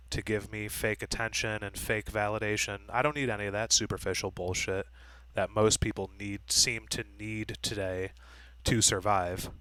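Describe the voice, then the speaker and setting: A man's voice: on the low side, sharp tone, clear, resonant tone, rough recording. A man talking straight to camera in a blunt, profane, lecturing monologue. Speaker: vlogger.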